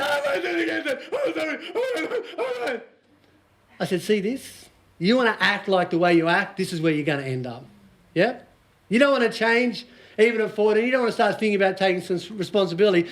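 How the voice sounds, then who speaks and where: A middle-aged Australian man with an Australian accent, giving a joking, storytelling motivational talk to a small audience. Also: sits high. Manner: jokey, storytelling, laughs often. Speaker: motivational speaker.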